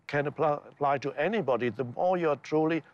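A man speaking as a guest author, explaining ideas in a calm, measured, softly spoken way. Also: fairly high pitch, lo-fi sound. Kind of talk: calm teaching conversation.

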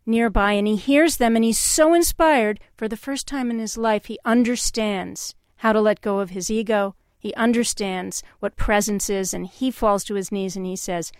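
A woman hosting a call-in radio show, speaking in a calm and reflective way and telling stories. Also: medium pitch, clean tone, dry recording, clean studio sound.

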